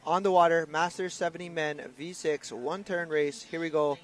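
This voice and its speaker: A man's voice: on the high side, fairly even intonation, moderate pace. A man doing upbeat live commentary on a canoe race, announcing lanes and crews.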